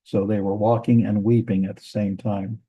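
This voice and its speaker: A man teaching a grammar lesson from a Bible language textbook, methodical, repeating words and pausing with fillers. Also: lowish voice, level tone, slightly rough, muffled recording.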